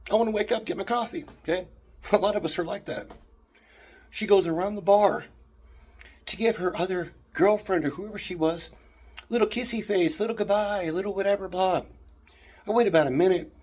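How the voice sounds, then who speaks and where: A man telling an indignant, animated story in a ranting vlog, filmed on a handheld phone in a hotel room. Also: high-pitched, normal speed, long pauses, slightly rough. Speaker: vlogger.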